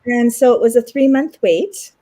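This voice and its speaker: A middle-aged woman from Canada tells her own story to an interviewer in relaxed, everyday speech. She brings other people in to life by quoting them, jumping up into livelier voices for them. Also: a little high, normal speed. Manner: animated retelling with lots of acted quotes. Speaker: interview guest. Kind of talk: casual storytelling.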